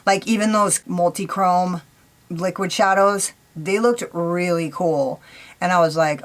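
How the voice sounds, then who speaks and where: A woman makeup vlogger ranting casually, blunt, opinionated and full of swearing. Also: lowish voice. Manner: speeds up for a quick sign-off. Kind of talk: casual vlog rant.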